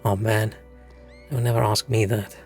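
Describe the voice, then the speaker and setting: A young South African man chats casually while streaming a game, swearing as he rambles through stories. His voice is on the low side and darkish, with little pitch movement and a moderate pace, and soft music plays in the background.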